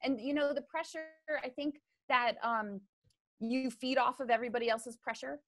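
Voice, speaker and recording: A woman's voice: high-pitched, steady tone, moderate pace, no echo. A woman golfer being interviewed on a podcast, talking in a chatty way with lots of fillers. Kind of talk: casual interview talk.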